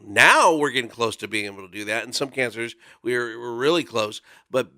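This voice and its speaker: A man in his forties tells a personal story in a radio studio, speaking earnestly with plenty of casual fillers. His voice is gravelly and bright, and the sound is dry and close. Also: mid-range voice, expressive, normal speed, no room sound. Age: 40s. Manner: earnest, conversational, with frequent fillers. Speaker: volunteer guest speaker.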